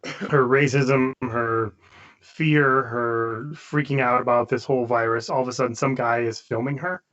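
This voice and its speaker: A man co-hosts a casual podcast and offers his opinions in a halting way, often stopping and starting over. His voice sits at an average pitch. The audio is muffled and lo-fi. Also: fairly even intonation, a bit bright. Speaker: podcast co-host.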